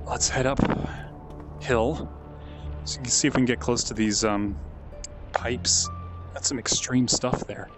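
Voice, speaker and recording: A man commentating a live game stream, chatty and easily amazed, reading out and thanking viewers. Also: medium pitch.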